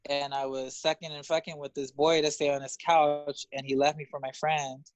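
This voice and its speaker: A man in his thirties from Los Angeles, a guest telling candid, profane stories in an interview, animated and laughing often. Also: moderate pace, no room sound, highs cut off. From Los Angeles, USA. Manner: animated, profane, laughs often, jumps up in pitch when excited. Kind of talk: candid storytelling in conversation.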